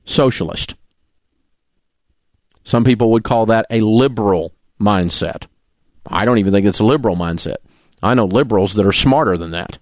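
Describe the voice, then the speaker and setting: A man's voice: on the low side, normal speed, pauses often, darkish tone, no echo, clean studio sound. A middle-aged man, hosting a talk radio show and delivering an angry, indignant rant full of name-calling. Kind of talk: ranting talk radio monologue.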